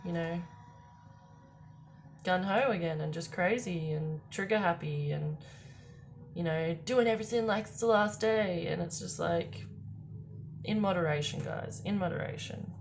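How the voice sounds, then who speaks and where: Young woman doing a tarot pick-a-pile, kinda low voice, rambly and sweary, lots of ums. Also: unhurried, gravelly, long pauses, a little hiss or hum. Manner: rambling, chatty and swearing, with frequent laughs and fillers. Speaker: tarot card reader.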